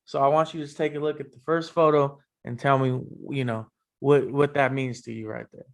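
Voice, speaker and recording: A man hosting a casual sports interview podcast, talking in a relaxed, loose way with many fillers. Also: mid-range voice, fairly quick. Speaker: podcast host.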